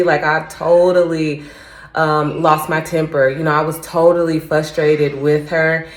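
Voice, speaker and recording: A woman recording a casual, candid vlog at home right after a run, chatting reflectively with plenty of fillers. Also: low voice. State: just back from a run. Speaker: vlogger training for a first half marathon. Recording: echoey room.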